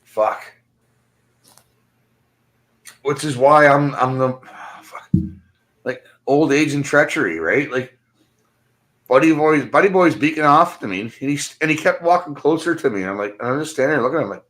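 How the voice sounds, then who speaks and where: A man's voice: fairly high pitch, animated, moderate pace, fairly bright tone. A middle-aged man, ranting bluntly and angrily. He swears constantly and ends his phrases with "man". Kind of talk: profane ranting monologue.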